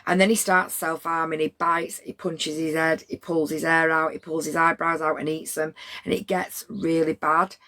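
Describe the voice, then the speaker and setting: Gravelly low-voiced woman. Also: moderate pace, hardly any pauses. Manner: blunt, swears freely, rambling and animated. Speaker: livestreamer. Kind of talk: casual storytelling to chat.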